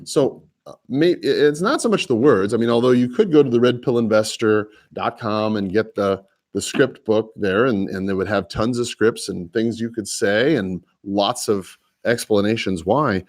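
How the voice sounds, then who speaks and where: A man with a lower voice, a real estate agent hosting a live prospecting podcast, talking in a casual, folksy, rambling way with restarts. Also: normal speed. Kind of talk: live phone prospecting session with coaching asides.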